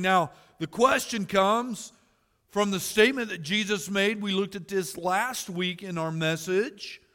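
A man's voice: sits high, pushed and bright. Earnest preaching man in a reverberant hall. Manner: earnest preaching with rising emphasis and asides to the congregation. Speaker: pastor. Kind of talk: sermon.

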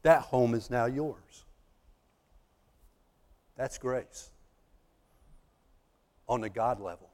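A man preaching a sermon, telling a story and acting out the judge and the accused, building to loud, emphatic peaks. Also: medium pitch, very slow, long pauses, big-room sound.

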